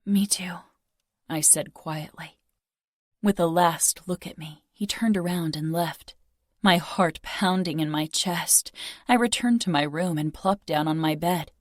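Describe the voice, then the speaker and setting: A young woman narrating a romance audiobook in first person, soft, intimate and measured. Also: low voice, dry recording, clean studio sound.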